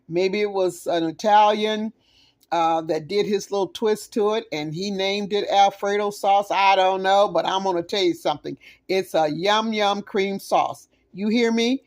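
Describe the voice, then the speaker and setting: This home cook and channel host has a Southern US accent and a mid-range, darkish voice. Eating on camera with her phone, she chats with viewers in a gushing, exclamatory way during her casual cooking vlog.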